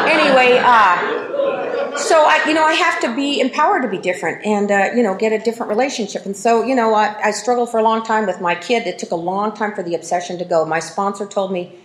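A middle-aged woman telling her recovery story at a meeting, self-mocking and lively, full of fillers and restarts. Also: medium pitch, reverberant. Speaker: speaker sharing at a recovery meeting. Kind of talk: personal recovery testimony.

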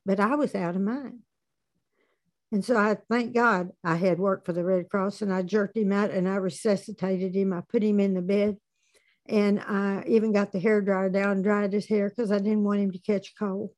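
Woman sharing her recovery story at a meeting, plain talk, dry dark humor, middle pitch. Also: steady tone, normal speed. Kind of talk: personal testimony at a recovery meeting.

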